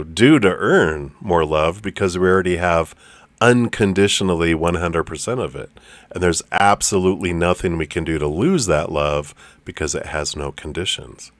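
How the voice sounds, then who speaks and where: Deep-voiced guy talking you through a meditation, calm and gentle, dry close sound. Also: no room sound. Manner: loose, with fillers. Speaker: spiritual teacher. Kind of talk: guided meditation.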